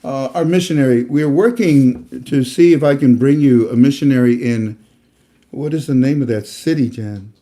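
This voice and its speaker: A man's voice: mid-range voice, normal speed, mellow. A man hosting an online talk, speaking casually and preachily about faith, rambling with many fillers and restarts. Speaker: host. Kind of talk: casual religious talk to viewers.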